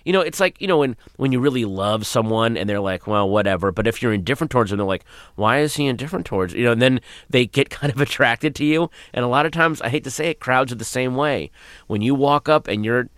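A man, a comedian, answering interview questions in a radio studio, thoughtful and given to trailing off into soft asides. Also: mid-range voice, expressive, fast, no room sound. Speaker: comedian guest.

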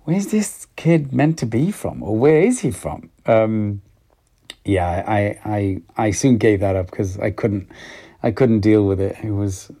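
A man's voice: on the low side, mellow. A middle-aged Welsh man, an actor being interviewed, speaking reflectively with frequent hesitations and restarts. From Wales. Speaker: actor guest. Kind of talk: interview conversation.

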